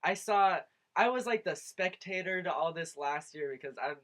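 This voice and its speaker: Young man, rambling, casual swearing, slightly high pitch. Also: moderate pace, a bit bright. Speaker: podcast co-host. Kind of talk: casual chat.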